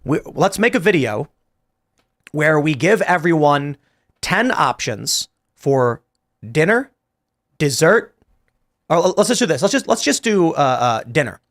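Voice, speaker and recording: A man's voice: on the high side, big pitch swings, measured pace, pauses often, fairly bright tone. A man hosting a political talk show, chatting casually and arguing his points with animation and frequent restarts. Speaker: podcast host.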